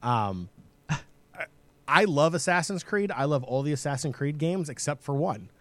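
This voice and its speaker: A young man co-hosting a casual gaming podcast, jokey and animated, laughing often. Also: on the high side, moderate pace. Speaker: podcast co-host.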